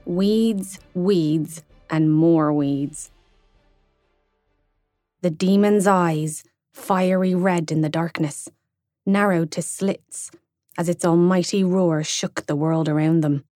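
Brief: young woman audiobook narrator, low-ish voice, unhurried measured reading, dry close sound. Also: fairly even intonation, mellow, no room sound, soft background music. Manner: slow, measured storytelling reading. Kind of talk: scripted narration.

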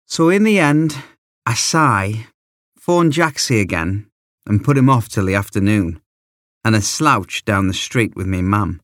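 A man reading a children's story aloud as a first-person narrator, in a lively, expressive way into a close microphone. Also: lowish voice, unhurried, no echo. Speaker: audiobook reader.

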